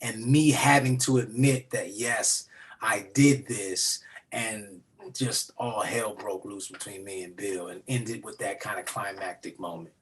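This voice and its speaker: Joining a casual interview by video call from his home, this actor guest, who is nominated, speaks in a lowish voice at a measured pace. He's an animated storyteller, performing the different voices of the people in his story.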